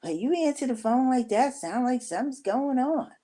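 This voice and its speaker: Nagging married woman friend, combative and defensive, put on by a woman telling a story, voice pitched up. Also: lively intonation, normal speed, warm tone. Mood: accusing. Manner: accusing, defensive.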